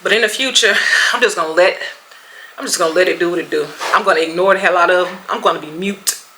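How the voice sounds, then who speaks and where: A woman from Mississippi with a Southern American accent, telling a storytime vlog in an animated way and acting out quotes. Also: lowish voice, quick pace, background noise. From Mississippi, USA. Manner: animated storyteller, acts out quotes, laughs often. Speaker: vlogger.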